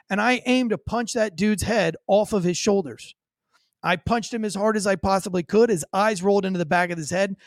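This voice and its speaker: A man with a rather high voice tells a story from his police days, blunt and full of curses. The sound is close and dry, with no room around it. He lays out each moment in vivid detail. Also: no room sound. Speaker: former police officer. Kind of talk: recounting a personal story in an interview.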